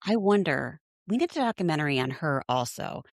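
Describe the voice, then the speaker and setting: A woman's voice: low voice, big pitch swings, brisk, no echo, studio quality. A woman co-hosting a podcast, recapping reality TV in casual chat, blunt and swearing freely, often laughing and acting out quotes. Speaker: podcast co-host.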